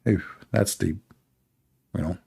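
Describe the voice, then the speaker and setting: A man's voice: low voice, slow pace, gravelly, dark tone, breathy edge. A man, a native Arabic speaker from the Middle East, hosting a live show in a rambling, joking style and reacting to the chat. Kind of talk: casual live-stream chat.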